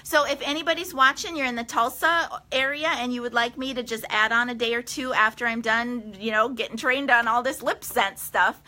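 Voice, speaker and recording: A middle-aged woman chats on a live stream from her quilting studio, upbeat and enthusiastic. Her voice sits a little high and rings bright and forceful. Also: fairly even intonation, moderate pace, hardly any pauses. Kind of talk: casual live stream chat.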